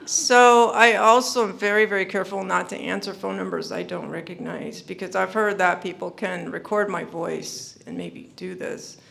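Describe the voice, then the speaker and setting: A woman's voice: medium pitch, fairly even intonation, moderate pace, gravelly, few pauses, a bit bright. A woman giving an earnest, informal presentation on avoiding scams, repeating her warnings and using many fillers. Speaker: speaker at a senior scam-prevention summit.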